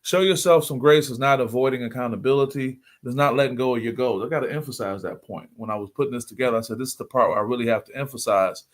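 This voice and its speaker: A middle-aged man hosts a motivational talk at an even, mid-range pitch. He speaks earnestly and comes back to his key points to drive them home. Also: quick pace, hardly any pauses. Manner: earnest, repeats key points for emphasis, greets viewers by name. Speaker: motivational livestream host.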